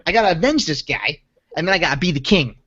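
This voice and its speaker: A man's voice: on the high side, big pitch swings, fast, bright, forceful tone, breathy edge, exaggerated voice. A man with a Long Island accent voicing a brash, hot-tempered male mobster who rambles and boasts in tough-guy patter. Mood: swaggering. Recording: dull lo-fi podcast audio.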